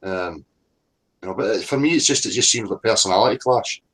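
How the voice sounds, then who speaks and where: A man's voice: on the low side, a little fast, a bit bright, slightly rough, rough recording. A man mediating an online group call who rambles in a conciliatory way, with many fillers and restarts.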